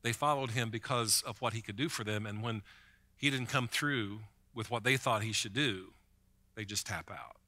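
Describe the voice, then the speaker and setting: A man's voice: fairly low pitch, normal speed, bright, forceful tone. A man preaching a sermon as pastor, in a conversational way, often repeating a word as he starts a thought.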